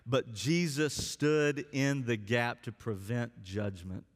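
A man's voice: mid-range voice, steady tone, takes it slowly. A man preaching a sermon as pastor, speaking earnestly and drawing out key words for emphasis. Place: church sanctuary. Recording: long reverb of a church hall.

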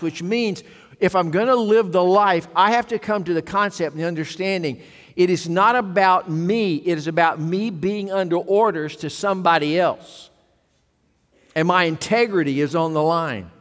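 A man with a high voice preaches a sermon from the pulpit and puts rhetorical questions to the congregation. His voice rings out with a long reverb that trails through a church sanctuary. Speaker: pastor.

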